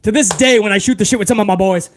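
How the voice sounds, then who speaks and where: A man hosting a live review stream, reading out viewer questions and answering in a loose, profane, animated way. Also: high voice, racing, background noise. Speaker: host.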